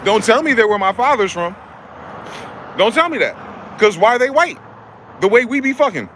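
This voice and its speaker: A man's voice: sits high, sing-song, normal speed, sharp tone. Profane ranting man outdoors by traffic. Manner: profane, confrontational, repetitive rhetorical questions. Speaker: vlogger. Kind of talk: angry ranting monologue.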